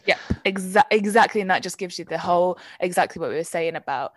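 A woman's voice: fairly low pitch, fast talker, dry recording. A woman co-hosting a casual book podcast, searching for words with restarts and swearing freely. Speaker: podcast co-host.

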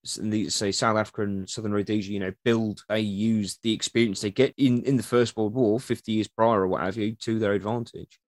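A man's voice: on the low side, fairly quick, dry recording, clean studio sound. A man, a guest historian, telling history in a casual, chatty way. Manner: chatty, animated, acts out quotes in the stories. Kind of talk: casual storytelling interview.

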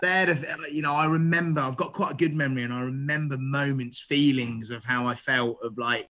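A middle-aged man, a chef, telling stories in a casual interview, animated and full of restarts. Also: mid-range voice, a little fast. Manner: animated, acts out quoted dialogue, frequent restarts. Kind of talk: casual storytelling.

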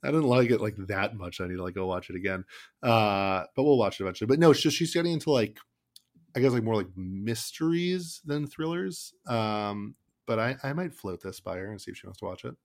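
A podcast co-host in his thirties talks about his kids in casual chat, rambling loosely with plenty of "like"s and restarts. His voice is lowish, and he speaks in an animated way, a little fast.

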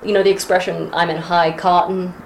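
A woman's voice: fairly low pitch, fairly quick, gravelly, noisy background. An American woman co-hosting a podcast in casual chat, ranting with plenty of swearing. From United States. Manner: animated, profane, ranting. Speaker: podcast co-host. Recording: roomy echo.

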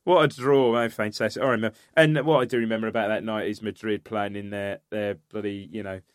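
A man's voice: lowish voice, fairly even intonation, fast, smooth, no room sound, clean studio sound. A man, co-hosting a casual football podcast, reminiscing and chiming in with agreement. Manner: reminiscing, lots of agreeing fillers. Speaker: podcast co-host.

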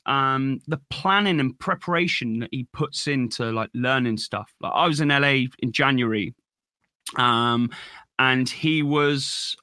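A man's voice: mid-range voice, pushed and bright, dry recording, clean studio sound. A man, a guest musician, telling stories in a casual podcast interview, laughing often and swearing casually.

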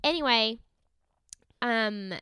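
Bright, crisp woman chatting. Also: on the high side, drawn-out words, dry recording. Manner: giggly, acts out quotes in voices. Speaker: podcast co-host. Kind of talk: casual chat recapping a reality show.

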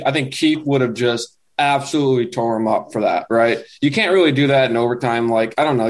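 A man co-hosting a sports talk show, speaking casually with lots of "like". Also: mid-range voice. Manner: quick, casual, filler-heavy. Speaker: co-host.

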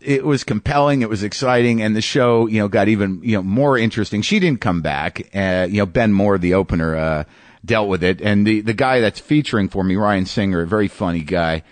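Halting male comic telling a story. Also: fairly low pitch, no room sound. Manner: halting, with frequent restarts and repeated words; reflective, searching for words. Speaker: podcast host and stand-up comedian. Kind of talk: storytelling monologue.

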